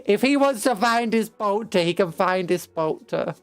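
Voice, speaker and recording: A young British woman streaming a game, rambling through an animated story retelling with casual asides. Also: medium pitch, moderate pace, no echo, faint music behind. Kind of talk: casual chat while playing a game.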